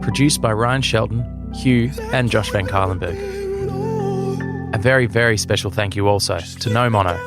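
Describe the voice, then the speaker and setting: A man announcing the show's outro in a steady, formal scripted read. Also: lowish voice, moderate pace. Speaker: show announcer. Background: theme music.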